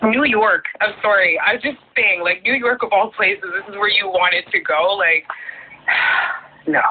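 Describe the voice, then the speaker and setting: A woman's voice: medium pitch, a little slow, a little hiss or hum. A woman guest chatting casually about her plans, rambling with lots of filler words. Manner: rambling, filler-heavy talk with many "like"s. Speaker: guest, YouTuber. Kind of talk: casual chat. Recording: tinny phone line.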